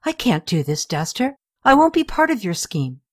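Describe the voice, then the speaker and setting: A woman's voice: mid-range voice, big pitch swings, moderate pace, dry recording, studio quality, pitched above the performer's own voice. A woman voicing a young woman, the queen's niece, who is anxious and defiant. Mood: pleading. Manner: pleading, upset.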